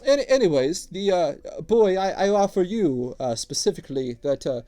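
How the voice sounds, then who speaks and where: A gruff sea dwarf tattooist, covered in ink, hawking his wares with eager, tripping-over-itself patter, as a man puts him on. The voice sits well above the man's own register and comes out loud and pushy. It has a mellow, soft tone, like a tabletop game voice. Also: high voice, expressive, normal speed, pitched above the performer's own voice. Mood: eager pitch. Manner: stammering, eager salesman patter.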